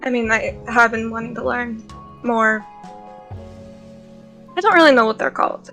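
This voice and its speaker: A woman's voice: on the high side, moderate pace, pushed and bright, soft background music. A woman playing in a tabletop game, speaking hesitantly with many fillers, nervous in character. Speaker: player.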